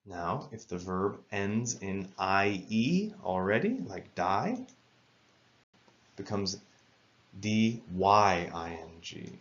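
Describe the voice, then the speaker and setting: A man teaching English spelling rules in a careful, measured lesson narration, spelling words out letter by letter. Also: sits low, big pitch swings, a bit bright, lo-fi sound.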